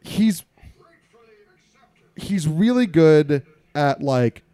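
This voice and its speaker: A laid-back man chatting through a movie with a friend, rambling and leaning on "like". His tone is mellow and warm, a little high, and it moves up and down freely. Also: expressive, very slow, dry recording. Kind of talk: casual movie reaction chat.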